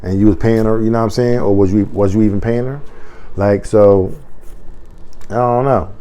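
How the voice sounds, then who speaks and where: A man's voice: lowish voice, fairly even intonation, moderate pace, mellow. A man in casual video commentary, talking in a conversational way full of "you know what I'm saying" and heated rhetorical questions. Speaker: commentator on a news story.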